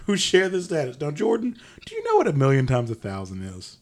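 Animated young man doing mock outrage. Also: a little high, moderate pace. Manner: animated, mock-incredulous, swears, laughs mid-sentence. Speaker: podcast co-host. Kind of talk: comedic podcast banter.

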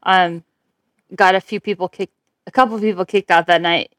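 A woman's voice: fairly low pitch, steady tone, normal speed, fairly bright tone, dry recording, clean studio sound. A woman in casual, crude banter, brash and profane, laughing often.

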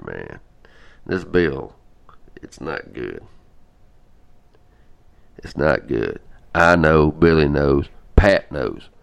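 Gravelly, deep man. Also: big pitch swings. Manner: rambling, halting, with many fillers. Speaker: podcast host. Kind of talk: casual chat.

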